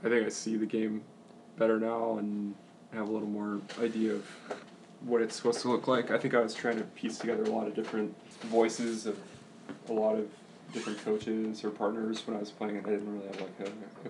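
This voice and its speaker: Low, gravelly young man. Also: fairly quick, background noise. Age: young adult. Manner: relaxed, thinking aloud with fillers. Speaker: guest, college volleyball coach. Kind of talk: casual podcast chat.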